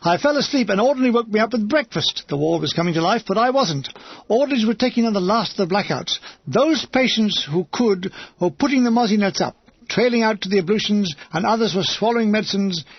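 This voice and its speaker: A man's voice: high-pitched, animated, fairly quick, breathy edge, no room sound, muffled recording. A man reading a comic war memoir aloud as an audiobook narrator, with a wry, dryly comic delivery.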